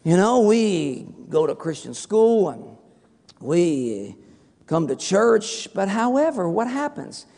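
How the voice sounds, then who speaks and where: Man, preacher, very high voice, long echoing reverb, lively rhetorical sermon. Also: takes it slowly. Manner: animated, rhetorical questions to the congregation, chuckles at own jokes. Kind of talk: sermon with humorous stories.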